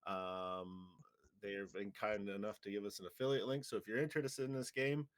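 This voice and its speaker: A man acting as game master, opening a tabletop game show in a relaxed way with lots of small fillers and chuckles. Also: on the low side, moderate pace. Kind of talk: casual show introduction.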